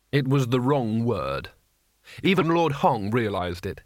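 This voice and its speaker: A man reading an audiobook in deliberate scripted narration. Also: mid-range voice, animated, no room sound, clean studio sound.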